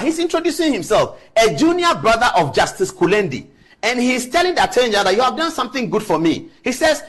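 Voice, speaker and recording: A man's voice: fairly high pitch, sing-song, fast, a bit bright. A man with a Ghanaian accent, hosting an evening television show and giving emphatic commentary while reading out messages. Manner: emphatic, rising into exclamations. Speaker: news show host. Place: television studio.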